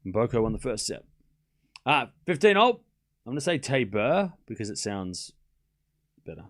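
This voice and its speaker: A man hosting a live tennis watchalong stream, calling each rally shot by shot and chatting with his viewers in an excitable way. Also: medium pitch, moderate pace. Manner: excitable, calls rallies shot by shot and talks to chat. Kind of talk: live play-by-play commentary and chat.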